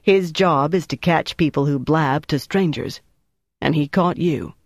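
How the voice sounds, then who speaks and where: A man reading an audiobook, voicing a composed officer who speaks in a cool, firm, measured way. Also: fairly high pitch, no echo, clean studio sound. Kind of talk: audiobook character voice.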